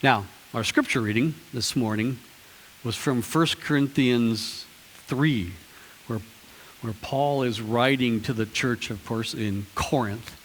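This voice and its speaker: A man's voice: medium pitch, takes it slowly, slight background noise. A man preaching a sermon to his congregation, conversational and chatty with playful asides. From Ohio, US. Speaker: pastor. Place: church sanctuary. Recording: long church reverb.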